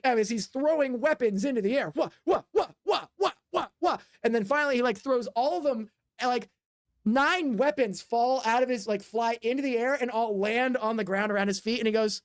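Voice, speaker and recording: A woman's voice: a little high, a little fast, dry recording, studio quality. A woman narrating as game master of a tabletop game, rambling with many fillers and sound effects. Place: home desk.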